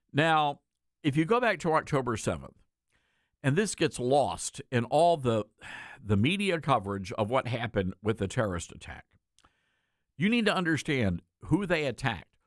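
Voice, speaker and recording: A man's voice: medium pitch, no echo, clean studio sound. A male talk show host giving a political commentary monologue, emphatic and conversational, repeating words for stress and speaking directly to his listeners.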